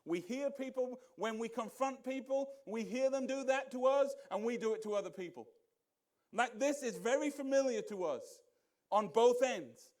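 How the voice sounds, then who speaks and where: A man's voice: animated, normal speed. A male pastor preaching a sermon in a church, talking conversationally and throwing rhetorical questions at the congregation. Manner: acts out quoted voices in a low mutter. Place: church sanctuary.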